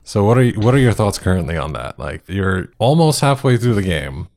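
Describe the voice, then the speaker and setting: Casting: very deep-voiced male host, easygoing, asks loose questions. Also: very animated, fairly quick, creaky, darkish tone. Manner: easygoing, frequent agreement. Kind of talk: casual interview chat.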